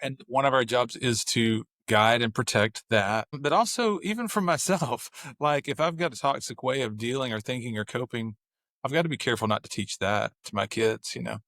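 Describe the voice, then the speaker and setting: A man, a father, talking as a podcast guest, telling family stories with lively, acted-out bits of dialogue. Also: mid-range voice, normal speed, no echo, clean studio sound. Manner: animated storyteller, acts out family dialogue. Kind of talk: casual chat.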